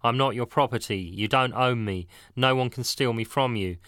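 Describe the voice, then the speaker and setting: A man's voice: medium pitch, normal speed, a bit bright, dry recording, studio quality, lightly acted. A man reading as a tearful, pleading young woman.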